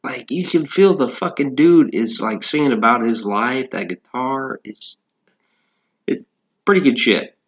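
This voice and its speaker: A man's voice: medium pitch, measured pace, highs cut off. A man in a casual, profane, rambling rant about music, talking as a podcast host.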